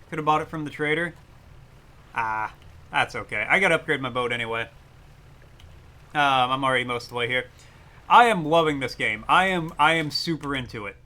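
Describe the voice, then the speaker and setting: Bright-voiced man streaming a game. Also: mid-range voice, lively intonation, brisk, long pauses. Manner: chatty, reads game text aloud. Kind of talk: casual gameplay commentary.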